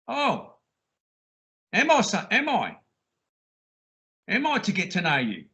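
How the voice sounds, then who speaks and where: Man, slow, bright, crude. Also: sits high, sing-song. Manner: mocks the officer's lines, crude and insistent. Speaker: caller recounting a police stop. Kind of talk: rambling call-in monologue.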